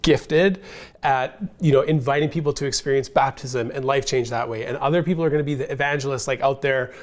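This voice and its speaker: A man's voice: mid-range voice, steady tone, brisk. Casting: Canadian male pastor, thoughtful, conversational, reflective guest. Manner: thoughtful, reflective, says "right?" often. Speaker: pastor and teacher. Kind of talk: casual discussion.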